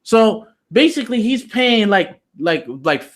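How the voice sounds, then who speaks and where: High-voiced man telling a story. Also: sing-song, unhurried, a bit bright. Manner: loose, slangy and profane, heavy on "you know". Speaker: interview guest. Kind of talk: casual storytelling.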